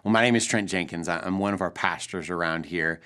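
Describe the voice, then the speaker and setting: A man in his thirties, a pastor, telling a family story in an earnest, gentle way for a short devotional. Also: low voice, fairly quick.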